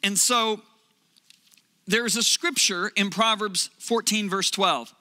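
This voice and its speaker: Bright high-voiced man preaching in a hall. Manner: earnest, emphatic storytelling with drawn-out pauses. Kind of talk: sermon storytelling.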